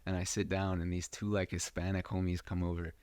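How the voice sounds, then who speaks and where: A young man with a low voice tells a rambling personal story as a podcast host. He swears a lot and drops fillers everywhere. The sound is close and dry. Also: completely flat delivery, fairly quick, a little mellow, no echo. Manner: profane, rambling, full of fillers. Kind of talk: casual storytelling.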